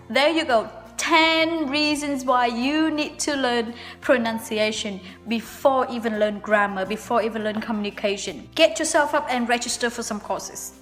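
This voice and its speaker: Faint music plays beneath a long, ringing reverb as a young woman from Vietnam, a native Vietnamese speaker, hosts her channel's relaxed English pronunciation lesson. She explains with patience in a fairly high voice, slowing down whenever she repeats example words.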